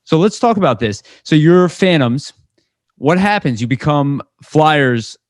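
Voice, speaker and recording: A man's voice: on the high side, expressive, no room sound, clean studio sound. A man hosting a sports podcast, earnest and opinionated in casual chat. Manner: earnest and opinionated, quick asides. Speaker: podcast host.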